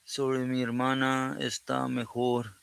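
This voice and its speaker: A man hosting a live stream reads his chat and greets viewers by name in casual conversation, switching between English and Spanish and often thanking God. His mid-range voice is monotone, unhurried, creaky and smooth.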